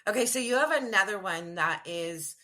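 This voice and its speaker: A woman hosting a podcast interview, asking curious questions and reacting eagerly with quick interjections. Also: mid-range voice, animated, bright, forceful tone. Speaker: podcast host. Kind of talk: casual interview.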